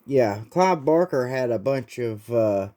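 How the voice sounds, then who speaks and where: A man's voice: medium pitch, expressive, slow pace, warm tone. A man reading a comic aloud and chatting about it with fan enthusiasm. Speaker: comic book reader. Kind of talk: casual comic read-aloud with commentary.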